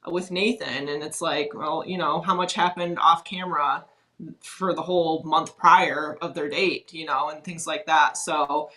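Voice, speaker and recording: A woman's voice: low voice, fairly even intonation, unhurried, fairly bright tone, rough recording. A woman talking as a guest on a podcast, a former reality-show contestant speaking frankly in a chatty, casual way, with a lot of "like".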